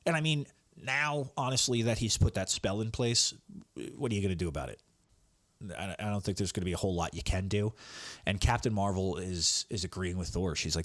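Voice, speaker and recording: A man's voice: sits low, brisk, dry recording. A man hosting a comics podcast, recapping issues in a rambling, casual way. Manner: rambling, with restarts and fillers.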